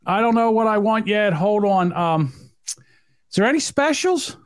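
A man's voice: expressive, unhurried, smooth, no room sound, studio quality. A man playing an indecisive male customer at a drive-thru who dithers and then demands the manager indignantly. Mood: dithering. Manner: whiny, indignant, rising pitch.

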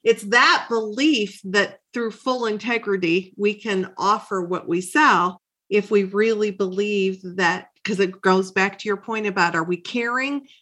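A woman's voice: mid-range voice, a little slow, few pauses, fairly bright tone. A woman hosting an interview, talking in a reflective, affirming way and wrapping up the conversation. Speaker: podcast host.

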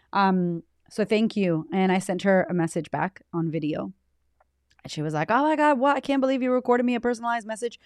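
A woman podcast host talks straight into the mic, teary and on the edge of crying. Her voice sits at an ordinary middle pitch, with a dry, close sound and no room echo. She gushes and swears freely through a casual, heartfelt monologue. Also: a little mellow. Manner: emotional, swears freely, gushing.

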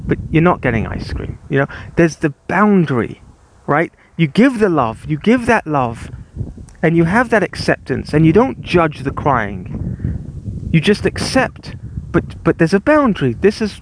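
Earnest, animated man talking to listeners. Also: a little hiss or hum, rough recording. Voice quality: earnest, with frequent repeated words and restarts. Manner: animated, rising in pitch when making a point. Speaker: podcast host. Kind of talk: reflective solo podcast monologue.

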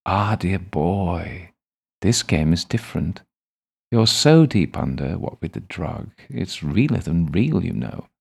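A man voicing a sardonic, amused older English gentleman with a drawling, quietly wicked manner. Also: low-pitched, expressive, slow pace, creaky, slightly rough, exaggerated voice.

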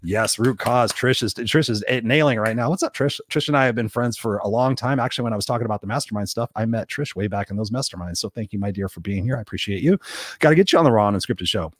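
Man, motivational podcast host, rapid-fire, blunt and profane, dry close sound. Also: lowish voice, dry recording. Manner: blunt, swears a lot, animated, acts out quoted people. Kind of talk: unscripted motivational talk. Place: Los Angeles.

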